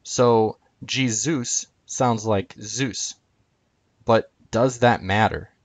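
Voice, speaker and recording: A man's voice: fairly low pitch, steady tone, extremely slow, vocal fry, no echo. A man teaching from a chart on screen, talking unscripted with frequent ums and uhs as he walks through each item. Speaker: video lecturer.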